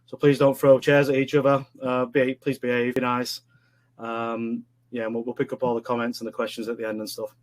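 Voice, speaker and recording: A man's voice: mid-range voice, completely flat delivery, brisk. A man with a Yorkshire accent co-hosting a live webinar, chatting casually and joking with viewers, calling everyone "mate". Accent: Yorkshire English. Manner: chatty, jokey, says "mate" a lot. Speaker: webinar co-host. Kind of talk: casual live-stream chat.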